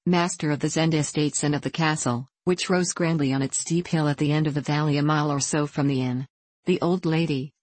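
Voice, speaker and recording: Low-voiced woman reading a storybook. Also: a little mellow, dry recording, low-quality recording. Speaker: audiobook narrator. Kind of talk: scripted narration of a classic novel.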